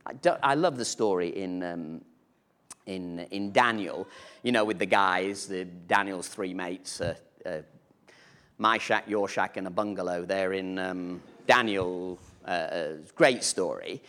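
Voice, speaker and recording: A man's voice: low voice, measured pace, a bit bright. A man preaching a sermon in church, conversational and humorous, with playful asides.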